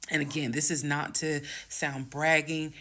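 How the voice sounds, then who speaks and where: A woman casually telling her own story to viewers, emphatic and at times fast and loud when she gets heated. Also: sits low, flat delivery. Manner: addresses viewers as "y'all". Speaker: storyteller recounting her marriage.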